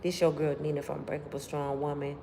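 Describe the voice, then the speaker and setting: A woman hosting a livestream, telling stories straight to her viewers in an animated, slangy way. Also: deep voice, a little fast, vocal fry. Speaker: livestream host. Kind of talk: casual storytelling to live viewers. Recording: long room reverb, faint background noise.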